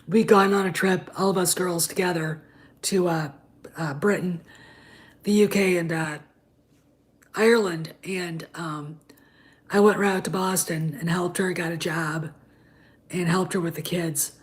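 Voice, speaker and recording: A woman's voice: fairly low pitch, fairly even intonation, measured pace, pauses often. A woman, chatting casually on a livestream and rambling with many fillers and restarts. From Wisconsin, US. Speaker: livestream host.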